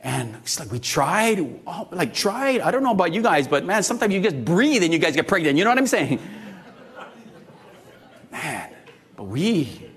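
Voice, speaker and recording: A man's voice: high-pitched, sing-song, normal speed, a bit bright. A man in his fifties preaching a sermon, talking conversationally, joking and asking the congregation questions. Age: 50s. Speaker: pastor.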